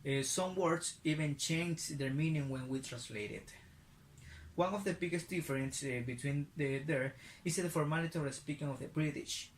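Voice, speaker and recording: A man's voice: a little high, moderate pace. Guy, spanish first language, lots of uh's, little bit of hiss behind. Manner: hesitant, with fillers. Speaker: student presenter. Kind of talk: class presentation.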